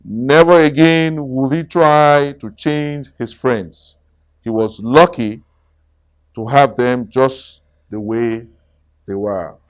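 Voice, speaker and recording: A middle-aged man reading a children's story aloud as a storyteller, slow and expressive, then quizzing his listeners. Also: medium pitch.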